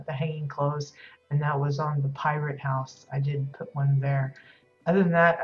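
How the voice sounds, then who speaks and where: A woman streamer chatting casually as she decorates in a game, rambling and hesitant with many fillers, her voice a little worn. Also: low voice. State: losing her voice. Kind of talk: casual live-stream commentary. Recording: dull lo-fi stream audio with music.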